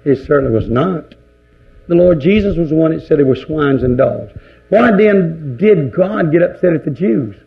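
A man delivers a fiery sermon, piling rhetorical question on rhetorical question. His voice sits a little high and has a gravelly, creaky edge. The recording is dull and lo-fi. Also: lively intonation, moderate pace. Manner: fervent preaching, volleys of rhetorical questions. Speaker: preacher.

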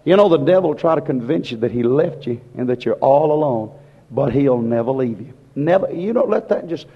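Husky-voiced man preaching fervently. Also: mid-range voice, animated, fairly quick. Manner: impassioned, repetitive preaching that swings between hushed and loud. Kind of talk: fervent sermon. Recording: lo-fi recording in a reverberant hall.

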